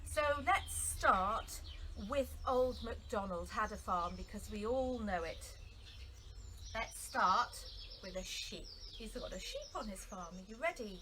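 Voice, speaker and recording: A woman's voice: mid-range voice, lively intonation, slow pace, bright, forceful tone. A woman vicar leading a children's song time outdoors in a garden, cheerful and sing-song as she calls out to young families. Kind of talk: children's song and story session. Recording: outdoor noise with birdsong. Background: birdsong.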